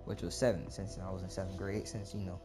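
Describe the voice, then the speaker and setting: A young man telling a rambling comic story in slangy casual talk, stopping often to say "bro" and pumping himself up louder as he goes. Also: level tone, fast talker, over music. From Gulfport, Mississippi, US South. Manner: hypes himself up, voice climbing loud and high.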